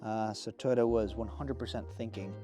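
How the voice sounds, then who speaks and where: A man's voice: on the low side, normal speed, faint music behind. A man in his thirties giving an enthusiastic, casual walkaround review of a new truck outdoors, a bit out of breath. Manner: enthusiastic, excitable. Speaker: off-road vehicle reviewer.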